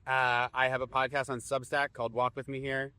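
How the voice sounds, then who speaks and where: A man from Rhode Island with a New England accent, a comedian guest chatting quickly and griping playfully on a podcast. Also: mid-range voice, flat delivery, sharp tone, clear, resonant tone, no echo. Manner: quick, chatty, complaining banter.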